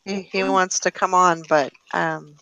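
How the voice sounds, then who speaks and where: A woman hosting a casual group chat on a live call, talking in a relaxed, rambling way with plenty of fillers. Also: fairly low pitch, measured pace, a little hiss or hum, rough recording. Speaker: host.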